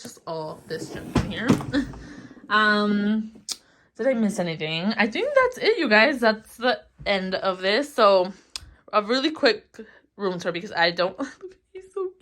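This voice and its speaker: A woman's voice: medium pitch, a bit bright. A young woman in her twenties giving a casual, rambling room tour of her small bedroom, giggling often and filling gaps with ums and likes. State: a bit out of breath. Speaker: vlogger.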